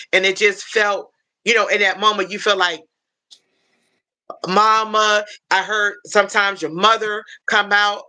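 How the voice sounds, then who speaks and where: Woman on a live stream chatting away, bright edgy voice, rambly, heartfelt. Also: mid-range voice. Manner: chatty, rambling with many restarts; heartfelt, openly emotional. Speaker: livestream host. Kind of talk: casual live chat.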